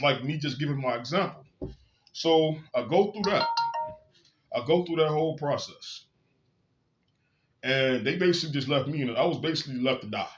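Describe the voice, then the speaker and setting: A man's voice: medium pitch, muffled recording. A man telling his own story in a candid, blunt and profane monologue, full of emphasis. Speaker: vlogger.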